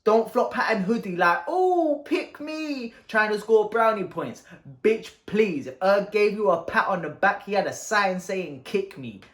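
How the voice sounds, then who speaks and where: Thirties, London Cockney, high voice, mocking battle-rap trash talk, echoey room. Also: male voice, normal speed, hardly any pauses, fairly bright tone. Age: 30s. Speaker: battle rapper. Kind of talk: a cappella rap battle verses. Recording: roomy echo.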